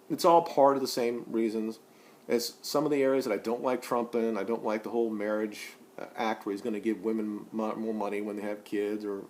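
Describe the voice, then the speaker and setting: With slight background noise, a man in his forties rants in an opinion vlog, speaking bluntly and cursing. He meanders and keeps restarting, his voice rising loud and high when he gets worked up.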